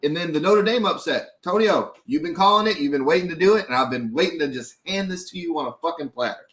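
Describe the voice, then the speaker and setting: A man's voice: a little high, expressive, fast, fairly bright tone. Easygoing man steering a sports podcast. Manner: easygoing, steers the talk with questions. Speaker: podcast co-host. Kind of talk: casual sports chat.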